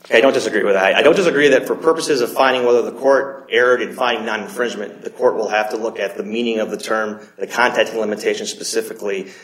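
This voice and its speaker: A man arguing as an attorney in a court, measured and halting, often repeating words as he makes his case. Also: fairly low pitch, fairly even intonation, a bit bright. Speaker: appellate attorney. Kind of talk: courtroom oral argument. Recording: roomy courtroom echo.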